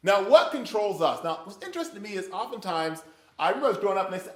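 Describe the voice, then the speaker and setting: A man's voice: sits high, very fast. A man leading an interactive bible study, telling stories and acting out little voices and sounds as he asks the group questions. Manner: animated storyteller who acts out little voices and sounds. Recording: echoey room.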